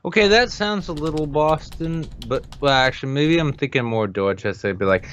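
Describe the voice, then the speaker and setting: A man's voice: on the high side, brisk, few pauses, fairly bright tone, highs cut off. A man co-hosting a podcast, chatting casually, joking and swearing. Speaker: podcast co-host. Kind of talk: casual chat.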